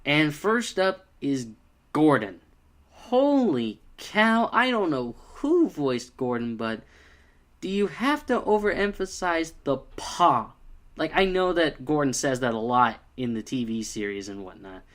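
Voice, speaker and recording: A man's voice: mid-range voice, unhurried. A young man giving a casual, exasperated video review, full of fillers like "uh" and "like.". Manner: exasperated, animated, many fillers.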